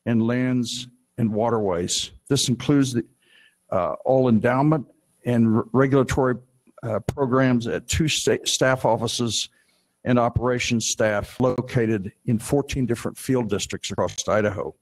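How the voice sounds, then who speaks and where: A man moderating a conference panel, reading out a speaker introduction, slowing and stumbling on some phrases. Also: medium pitch, poor audio. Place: conference room.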